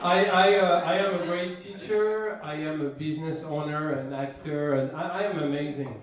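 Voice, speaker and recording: A man doing a stand-up comedy set, boasting in a deadpan way and often restarting his sentences. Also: on the high side, moderate pace, crowd noise. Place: comedy stage before a laughing audience. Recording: echoey, distant live room mic with noise.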